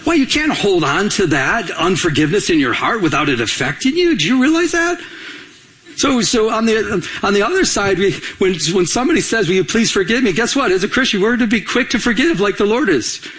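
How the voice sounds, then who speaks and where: A male pastor preaching a sermon in an animated way, acting out everyday dialogue and repeating himself as he talks. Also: sits high, brisk. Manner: animated, acts out quoted dialogue, frequent repetitions.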